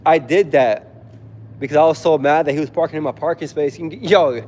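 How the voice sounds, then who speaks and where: A man's voice: on the high side, moderate pace, a little mellow, long reverb tail, a little hiss or hum. A young man livestreaming from home, telling a story in a laid-back way, acting out quotes and laughing often.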